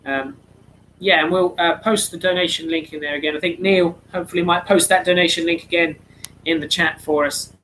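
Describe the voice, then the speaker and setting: A man's voice: a little high, fairly even intonation, brisk, fairly bright tone, a little hiss or hum, poor audio. A man hosting an online charity quiz, reading out answers in a chatty, slightly flustered way. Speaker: quiz host.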